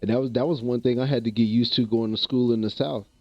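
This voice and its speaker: A man's voice: medium pitch, fairly even intonation, fast talker, dry recording, dull audio, faint music behind. A man from the American Midwest chatting casually with viewers on a livestream, laid-back and rambling, often repeating himself. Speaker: streamer.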